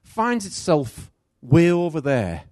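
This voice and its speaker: Man, middle-aged, sermon, personal storytelling, lively rising and falling pitch, dry close sound. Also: takes it slowly, no room sound. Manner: personal storytelling, animated swings between loud and soft. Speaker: preacher.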